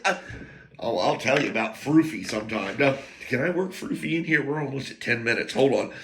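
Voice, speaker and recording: A man's voice: medium pitch, very animated, moderate pace, pushed and bright, slight background noise. A man telling rambling stories in a casual monologue, laughing between lines and drifting into asides and talk to himself. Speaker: podcast host telling stories.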